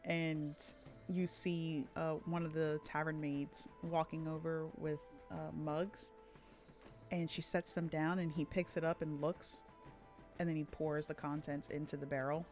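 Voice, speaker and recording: A woman's voice: low voice, flat delivery, a little slow, darkish tone, faint music behind. A woman running a tabletop game as game master, narrating with lots of fillers and frequent giggles. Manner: hesitant, giggly, many fillers.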